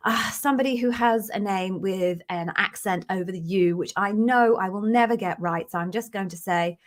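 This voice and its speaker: A woman's voice: medium pitch, normal speed. British woman, middle-aged, live-stream interview coach, chatty and effusive, greets viewers by name. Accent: British English. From Britain.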